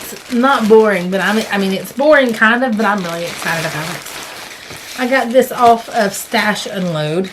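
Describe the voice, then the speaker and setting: A woman talks in a loose, chatty way from her chair at home, rambling a bit and correcting herself often. Her pitch sits in the middle for a woman. A faint hiss lies under the recording. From American South. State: hiccups. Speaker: cross-stitch vlogger. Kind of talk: casual chat. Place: indoors, sitting in a stitching chair at home.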